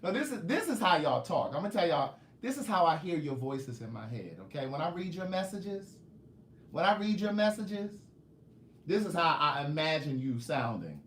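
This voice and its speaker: Animated guy joking around on a live stream, voice bouncing up and down, echoey room. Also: on the high side, normal speed, slight background noise. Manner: animated storytelling, joking, teasing viewers. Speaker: author hosting a live stream. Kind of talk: casual live-stream chat.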